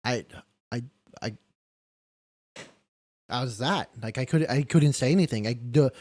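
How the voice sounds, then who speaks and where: A man's voice: mid-range voice, a little slow, darkish tone, no room sound. A young man telling a personal story in a candid, rambling way during a live-streamed interview, with many restarts and the odd swear word. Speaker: caregiver and podcast guest.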